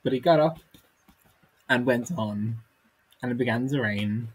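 A man's voice: medium pitch, a little slow, breathy edge, low-quality recording. A man co-hosting a podcast, reading a comic text aloud and dropping dry, wry asides. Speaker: podcast co-host.

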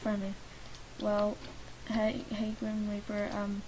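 A Lithuanian woman YouTuber with a Lithuanian accent comments on life-sim gameplay at a medium pitch, in a completely flat delivery, taking it slowly. Chatty, she addresses the characters and swings from muttering to loud protest, with background noise and faint game music.

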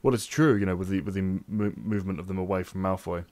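Fast-talking low-voiced man, rambling. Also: steady tone, a little mellow, dry recording. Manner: rambling, many restarts and fillers. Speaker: podcast co-host. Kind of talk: casual book discussion.

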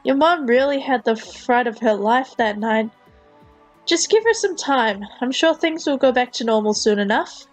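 A calm park ranger, fatherly and reassuring, who gently scolds a teenager, played by a woman reading a fan comic aloud. The voice sits fairly high, with soft music playing underneath. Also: normal speed, poor audio. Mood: gentle. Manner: steady, reassuring, mildly scolding.

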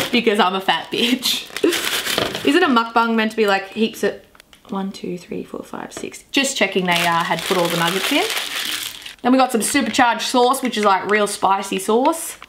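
A woman's voice: a little high, noisy background. Giggly young Australian woman vlogging. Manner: playful, giggly, crude jokes. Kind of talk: casual eating-show vlog. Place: parked car.

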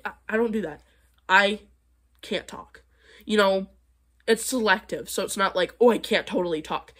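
A young woman talks straight to the camera in a casual vlog, blunt and openly sarcastic. Her voice sits at an ordinary middle pitch, and she lets out short laughs between points. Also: a bit bright. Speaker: vlogger reacting to comments.

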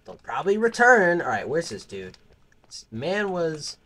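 A man's voice: on the high side, wildly swooping pitch, measured pace, sharp tone. A man giving casual, crude, rambling gameplay commentary, joking with the game characters. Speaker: gaming channel host.

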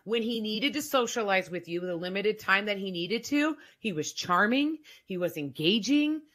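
A woman's voice: mid-range voice, expressive, moderate pace, a bit bright. Candid woman sharing a personal story. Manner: candid, emphatic, with frequent "like" fillers. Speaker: podcast guest. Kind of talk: casual conversational storytelling.

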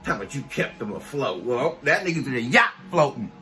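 A man's voice: mid-range voice, sing-song, a little fast, bright, forceful tone, faint music behind. A man vlogging a profane, blunt rant, scornful and heavy on cursing.

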